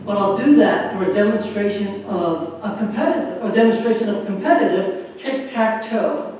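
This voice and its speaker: A man's voice: sits high, moderate pace, darkish tone, a little hiss or hum. A man giving an earnest, folksy stage talk with a magic trick, joking with a church audience. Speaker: magician and motivational speaker. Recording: echoey hall from far off.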